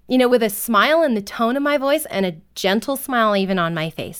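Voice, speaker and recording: A woman's voice: fairly high pitch, lively intonation, brisk, hardly any pauses. Earnest mother explaining things step by step. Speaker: parent guest on a parenting show. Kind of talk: casual chat.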